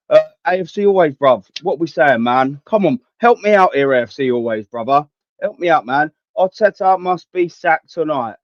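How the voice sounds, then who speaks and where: Young bloke, stream host, fed-up sweary rants, bit high-pitched, dead-dry muffled sound. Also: male voice, no room sound. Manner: blunt, sweary, ranting. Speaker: fan channel host. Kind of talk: live stream chat reading.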